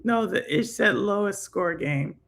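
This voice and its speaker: A woman's voice: medium pitch, expressive, a little slow, gravelly. A young woman hosting a live stream, chatting casually with viewers, laughing often and filling her talk with fillers. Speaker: stream host reading chat.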